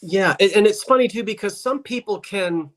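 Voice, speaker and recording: The speaker is a high-pitched man with a fairly bright tone, talking at a moderate pace in the Delaware Valley accent of South Jersey, USA. He rambles through casual chat as a livestream guest on a video call.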